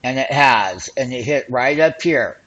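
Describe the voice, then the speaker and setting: Excited, boastful male trading host. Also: mid-range voice, measured pace, highs cut off. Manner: excited, boastful, hype-driven patter. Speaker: options trading show host. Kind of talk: screen-share trading commentary.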